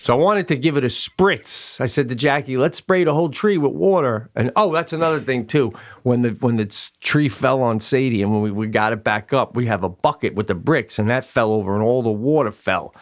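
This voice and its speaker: A man co-hosting a podcast, telling a long, rambling family story with lots of fillers and swearing, and jumping up into loud voices when he acts out quotes. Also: medium pitch, fairly quick, hardly any pauses. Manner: animated, raises voice sharply when acting out quotes. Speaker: podcast co-host. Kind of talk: casual storytelling chat.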